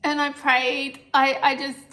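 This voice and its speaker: A middle-aged woman telling a personal health story to camera, emotional and halting, with restarts and nervous laughs. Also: sits high, flat delivery, sharp tone.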